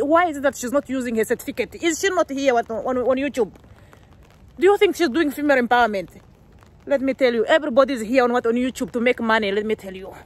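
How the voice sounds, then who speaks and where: Young namibian woman vlogging, ranty and heated, slightly high voice, lots of "what" and restarts. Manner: heated, repetitive, with many restarts and rhetorical "what". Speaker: gossip vlogger. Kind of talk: ranting commentary to the camera. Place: living in Sweden.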